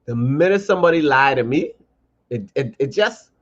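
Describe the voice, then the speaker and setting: A man co-hosting a podcast in casual, playful banter, animated and mock-indignant. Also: mid-range voice, normal speed. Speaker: podcast co-host. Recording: dull lo-fi podcast audio.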